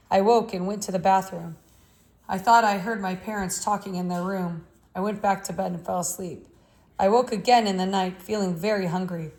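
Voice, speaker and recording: A woman reading a novel aloud in a measured, steady way. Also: mid-range voice. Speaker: audiobook reader.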